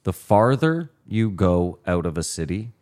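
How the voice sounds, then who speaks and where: Deep-voiced Canadian man, blunt and profane. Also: very animated, measured pace, a little mellow. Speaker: podcast co-host. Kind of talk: casual banter.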